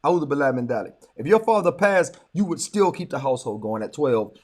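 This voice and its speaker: A middle-aged man co-hosting a podcast, telling stories in casual chat, animated, repeating words and breaking into quick laughs. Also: mid-range voice. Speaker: podcast co-host.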